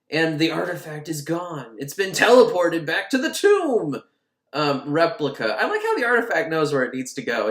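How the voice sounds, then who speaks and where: A man's voice: a little high, fairly bright tone. A man casually and sarcastically recapping an old film, swearing and laughing, in an echoey room.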